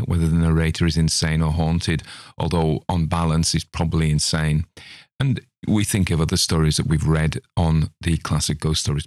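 Aussie guy, really low voice, dry close mic, chatty rambling podcast talk. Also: darkish tone, no echo. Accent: Australian. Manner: rambling, chatty, self-mocking asides. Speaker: podcast host. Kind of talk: casual spoken commentary on a ghost story.

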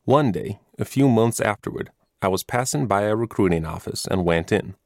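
A man's voice: fairly low pitch, lively intonation, normal speed, dry recording, studio quality. A man voicing an earnest young drummer boy.

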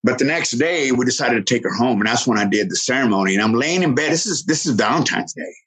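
A middle-aged man earnestly telling a personal story, halting and restarting, quoting others in lively voices. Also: medium pitch, breathy edge, poor audio.

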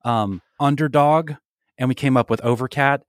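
A man's voice: mid-range voice, normal speed, no echo, studio quality. Playful man co-hosting a podcast. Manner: leads the segments, playful, banters. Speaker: podcast co-host. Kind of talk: casual podcast chat.

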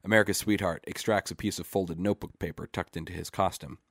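A man reading a short story aloud in a measured, deadpan way. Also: sits low, no room sound, studio quality. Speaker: story reader.

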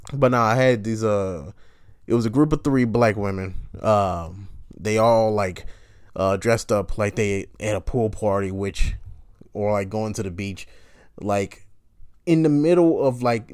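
A man's voice: fairly low pitch, clear, resonant tone, dry recording, studio quality. A man hosting a podcast, rambling casually and profanely about his job, griping with frequent laughs and mocking voices. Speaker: podcast host.

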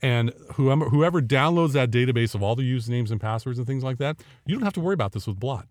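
A man's voice: medium pitch, expressive, fast talker, darkish tone, dry recording, studio quality. A man hosting a casual podcast, talking in a chatty, jokey, folksy way. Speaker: podcast host.

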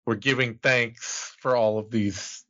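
A man's voice: medium pitch, fairly even intonation, takes it slowly, bright, forceful tone, muffled recording. A man hosting a podcast in casual banter, joking and trailing off mid-thought. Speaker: podcast host.

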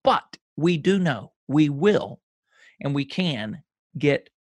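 A man hosting a podcast interview, asking curious, deliberate questions in a reflective way. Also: a little high, lively intonation, no echo. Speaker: podcast host. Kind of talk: conversational interview.

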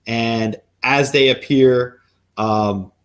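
A man, guest on a podcast, talking as a psychic medium and lawyer, telling stories in an animated, lively way. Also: mid-range voice, clear, resonant tone. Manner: animated, quick storyteller. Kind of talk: storytelling in a podcast interview.

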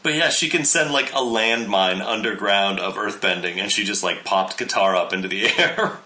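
A man's voice: lowish voice, moderate pace, sharp tone, slight background noise. A man co-hosting a casual podcast recap of a cartoon, making dry, wry remarks and chuckling. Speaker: podcast co-host.

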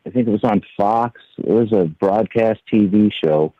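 A middle-aged man from New York calls in by phone, thinking aloud and groping for his words. His voice sits low. It comes through a tinny phone line with a dry sound. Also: moderate pace, dry recording. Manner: musing, searching for words. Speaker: caller.

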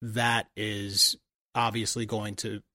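Male podcast co-host, lowish voice, measured casual talk, dry close mic. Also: flat delivery, pushed and bright, no echo.

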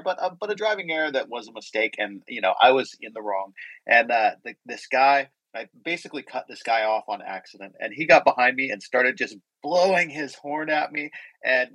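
A man hosting a casual online group chat, relaxed and self-deprecating, with frequent chuckles. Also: medium pitch, dry recording, rough recording. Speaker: host.

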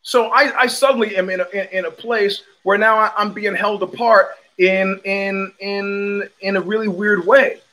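An older man with a New York accent hosts a casual livestream monologue, telling stories bluntly and with swagger, full of profanity and frequent sentence restarts. His voice sits high, at a moderate pace with few pauses.

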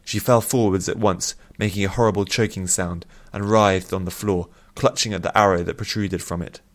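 Low-voiced male fantasy narrator. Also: fairly even intonation, normal speed. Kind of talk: scripted fantasy audiobook narration.

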